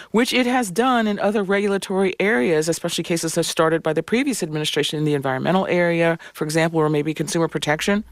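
A woman hosting a radio news program, briskly asking a correspondent questions. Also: lowish voice, no echo, studio quality. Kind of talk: news interview.

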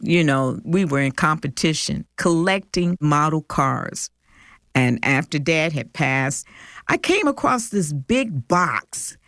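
Older lady from detroit telling her story, low voice, slow and heartfelt, dry close sound. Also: animated, a bit bright, no echo. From Detroit, USA. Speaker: storyteller interviewed by family. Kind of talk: personal recollection.

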